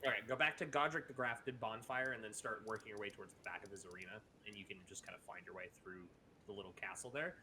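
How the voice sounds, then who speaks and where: A man's voice: fairly low pitch, quick pace. Guy guiding a co-op game. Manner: explaining, relaxed and helpful. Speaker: co-op guest player. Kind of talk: casual gaming chat.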